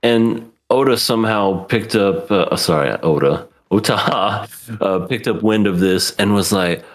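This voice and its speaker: A man's voice: on the low side, unhurried. A man co-hosting an anime podcast, chatting casually, laughing often and acting out characters' lines. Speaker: podcast co-host. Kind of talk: casual anime review chat.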